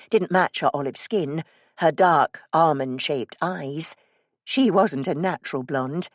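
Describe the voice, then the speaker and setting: A woman narrating a first-person cozy mystery audiobook in a measured storytelling manner. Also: deep voice, dry recording, studio quality.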